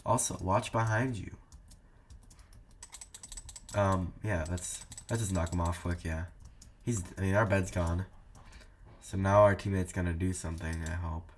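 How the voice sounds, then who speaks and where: This time the young gaming YouTuber speaks a little slowly, with long pauses, his low voice fairly even in intonation. He still teases the players and talks playfully to his viewers while playing.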